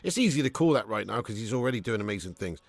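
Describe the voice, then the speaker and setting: A man's voice: lowish voice, expressive, racing, dry recording. A man hosting a live watch-along stream, chatting casually with viewers, reading out their comments, swearing and laughing often.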